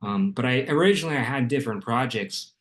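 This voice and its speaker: A young man from Arizona, a music producer guest, explaining his background in a measured, steady way with frequent ums. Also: medium pitch. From Arizona, USA. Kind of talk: casual interview.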